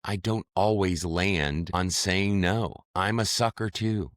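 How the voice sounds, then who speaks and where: A man in his thirties talks straight to parents in an earnest, direct lecture. His voice sits very low. The recording is dry and close, with no room sound. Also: slow pace, no echo. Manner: earnest, direct, addresses listeners as friends and parents. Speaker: parenting educator.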